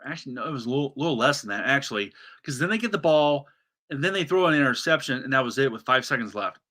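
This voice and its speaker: A man's voice: medium pitch, animated, fast talker, sharp tone. A man hosting a solo sports podcast, ranting animatedly with many restarts and asides.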